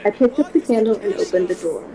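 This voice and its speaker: A woman streamer reading a gothic horror novel aloud in a steady first-person voice. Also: mid-range voice, fast, some chatter behind, rough recording.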